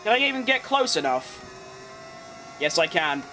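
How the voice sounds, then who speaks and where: A man giving live commentary over his racing game, excitable and quick to shout at close calls, with casual swearing. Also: on the high side, a little hiss or hum. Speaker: gaming creator.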